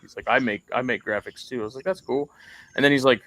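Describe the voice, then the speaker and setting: A man's voice: mid-range voice, fast talker, fairly bright tone, low-quality recording. A man co-hosting a podcast, telling rambling stories in casual chat and acting out the people in them. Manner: rambling storyteller, acts out quoted people. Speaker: podcast co-host.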